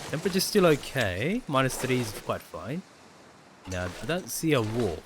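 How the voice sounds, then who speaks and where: A man's voice: mid-range voice, big pitch swings, normal speed, background noise. Man thinking aloud over gameplay. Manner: thinks aloud, explains mechanics to viewers. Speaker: gaming livestreamer. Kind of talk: casual gameplay commentary.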